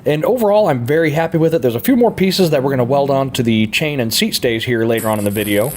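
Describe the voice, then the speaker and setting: A man's voice: mid-range voice, animated, fast talker, a little hiss or hum. A man casually narrating a bicycle frame build in his workshop, laid-back and chuckling often, with plenty of "uh" fillers. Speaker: hobby frame builder and vlogger.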